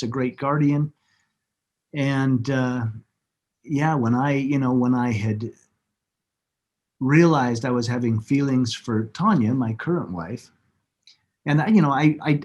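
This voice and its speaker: A man's voice: mid-range voice, darkish tone. Earnest man telling a personal story. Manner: earnest, halting, repeats words when moved. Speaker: interview guest.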